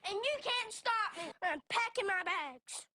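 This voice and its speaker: Man doing a piercing, bright whiny voice, quitting in a huff; dry close mic. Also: very high voice, animated, measured pace, dry recording, pitched above the performer's own voice, full character voice.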